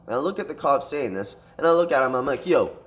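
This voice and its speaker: Man, casual storytime, profane, rambling, animated retelling. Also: mid-range voice, fast. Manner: rambling with restarts and fillers.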